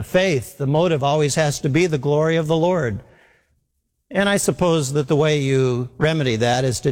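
A man preaching a sermon, earnest and emphatic, slowing down to repeat his key points. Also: fairly high pitch. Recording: long hall reverb.

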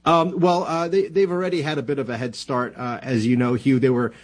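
Husky-voiced man, halting political guest. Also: mid-range voice, steady tone. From New Jersey. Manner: halting, many fillers and restarts. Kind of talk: radio interview, casual analysis.

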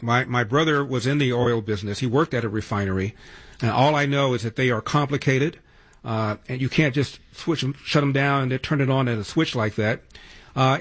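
A male radio talk show host giving opinionated, sarcastic political commentary and taking calls. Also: medium pitch.

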